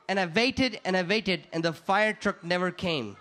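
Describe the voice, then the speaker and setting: A young man from India, doing a lively stand-up comedy set and acting out the people in his stories. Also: high-pitched, moderate pace, few pauses. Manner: animated storyteller who acts out the people in his stories.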